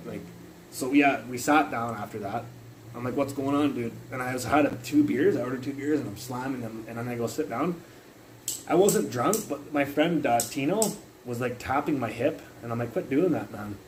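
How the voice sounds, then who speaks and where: A man's voice: mid-range voice, darkish tone, a little hiss or hum, low-quality recording. A young man livestreaming from his phone, telling a long rambling story full of curses, fillers and restarts. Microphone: phone mic.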